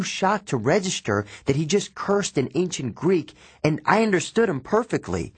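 A man narrating a first-person audiobook with measured, expressive storytelling. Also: fairly high pitch, breathy edge, dry recording.

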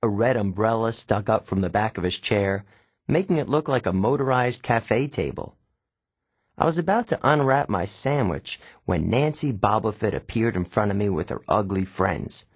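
A man narrating a first-person novel with expressive, wry storytelling, recorded close on a studio mic. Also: on the low side, moderate pace, husky, dry recording. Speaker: audiobook narrator.

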